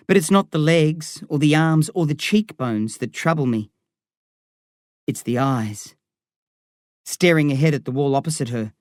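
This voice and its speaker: A man reading a novel aloud in first person, with measured, vivid storytelling. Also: mid-range voice, darkish tone, dry recording, studio quality. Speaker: audiobook reader.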